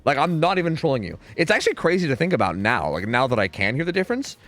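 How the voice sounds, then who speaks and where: A man's voice: medium pitch, fast talker. A man in his thirties with a Pennsylvania accent, chatting casually and rambling through stories while streaming a game, swearing often. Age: 30s. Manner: rambling, swears a lot, animated storytelling. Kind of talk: casual gaming stream chat.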